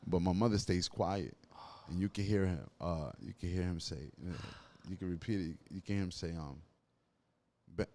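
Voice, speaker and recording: A man's voice: deep voice, brisk, hardly any pauses, mellow. A man, a podcast guest telling his life story earnestly, in street slang and with many restarts. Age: 30s. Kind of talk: emotional storytelling.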